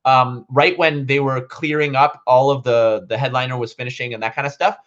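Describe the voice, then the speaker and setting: A man's voice: medium pitch, steady tone, a little fast, fairly bright tone. A man vlogging, casually telling a long story to his viewers, rambling with lots of "like" and "um" fillers. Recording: dull lo-fi recording.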